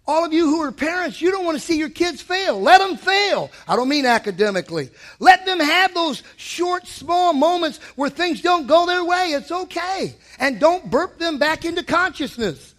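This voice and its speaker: A male pastor preaching at a weeknight church service, with a very high voice. His tone is bright and forceful, and he keeps his delivery emphatic, pushing up to shouts to drive his points home. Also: expressive, normal speed, few pauses. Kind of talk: sermon.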